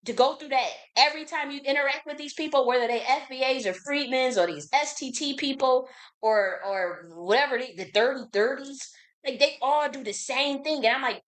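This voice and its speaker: A woman, hosting her own channel in a heated, casual rant. She talks in a fairly high voice, swearing freely, repeating herself and circling back with indignation. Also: animated, moderate pace, fairly bright tone. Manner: profane, repetitive, indignant. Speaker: channel host.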